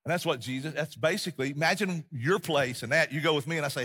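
Bright, husky-voiced preaching man. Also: fairly high pitch, fast talker. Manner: animated storyteller, acts out scenes, drops to quiet intensity. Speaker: pastor. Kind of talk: sermon.

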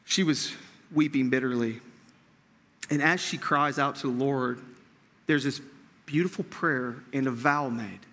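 A man's voice: medium pitch, unhurried, pauses often, a bit bright, in a large hall. A man preaching a sermon as pastor, earnest, with frequent restarts and rhetorical questions.

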